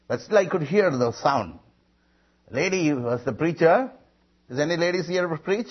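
A man's voice: on the high side, normal speed, husky, dull audio. A man preaching a sermon, telling his own conversion story and calling out to the congregation. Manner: animated storytelling with calls to the congregation. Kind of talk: sermon testimony.

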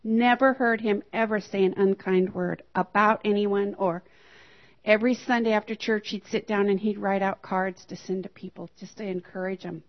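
Lively woman telling a church testimony. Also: medium pitch, normal speed. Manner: lively storyteller, acts out quoted voices. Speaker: church member sharing a testimony. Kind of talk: personal testimony. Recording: dull lo-fi recording.

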